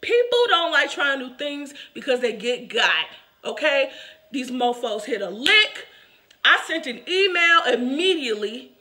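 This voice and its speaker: A woman with a high voice reviews products on her channel, talking straight to her viewers. Her tone is crisp and bright, and she stays emphatic and exasperated, laughing in the middle of her complaints. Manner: animated, laughs through complaints. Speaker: wig reviewer and channel host. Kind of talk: casual review vlog.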